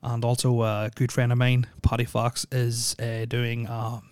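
A man's voice: mid-range voice, completely flat delivery, normal speed, a little mellow, clean tone, no room sound. A man hosting a solo podcast, rambling with lots of ums and dry jokes. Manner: rambling, filler-heavy, joking. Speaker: podcast host. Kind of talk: casual solo podcast chat.

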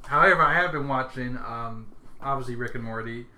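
Bright-voiced man in echoey room. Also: medium pitch, fairly quick. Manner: rambling, laughs often, many restarts. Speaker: podcast co-host. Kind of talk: casual chat. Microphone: podcast mic.

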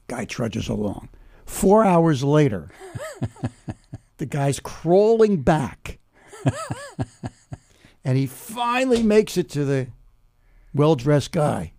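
A man in his seventies explaining humor in conversation and telling a joke slowly, step by step, with pauses. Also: a little high, gravelly. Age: 70s. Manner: animated, builds jokes slowly with pauses.

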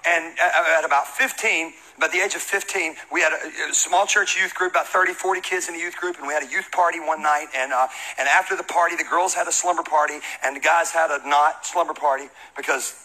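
A pastor from the American South who preaches his sermon as lively, high-energy comic storytelling. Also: fairly quick, hardly any pauses, poor audio.

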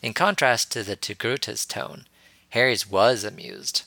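A man narrating a fan fiction story as an audiobook reader, in a steady storytelling manner. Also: fairly low pitch, unhurried, gravelly, no room sound.

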